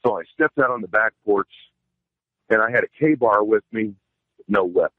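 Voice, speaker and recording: A man's voice: lowish voice, normal speed, no echo. A man telling a first-person outdoor encounter story in a rambling, plainspoken way, using folksy phrasing. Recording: tinny phone line, dry.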